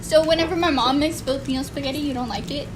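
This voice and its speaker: A woman chatting with friends over a meal, playful and quick to laugh. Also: high-pitched, over a noisy crowd. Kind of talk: casual chat. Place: indoors at a table with friends. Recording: loud music underneath.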